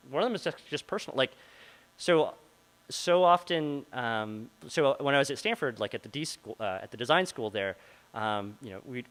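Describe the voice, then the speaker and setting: A man's voice: on the high side, fairly bright tone, low-quality recording. Casual man answering audience questions. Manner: casual, filler-heavy, many likes and ums. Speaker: product manager presenting. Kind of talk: meetup Q&A talk. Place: meeting room before a live audience.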